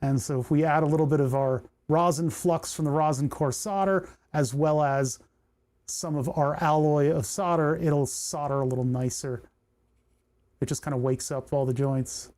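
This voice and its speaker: Mellow-voiced man soldering on a livestream. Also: a little high, steady tone, normal speed. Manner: thinks aloud and talks to the parts he works on. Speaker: electronics livestreamer. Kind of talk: casual livestream commentary while soldering.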